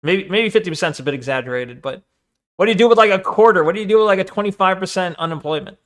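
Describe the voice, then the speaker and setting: A man's voice: high voice, very fast. A man streaming live and reacting to videos, rambling casually with lots of fillers and restarts.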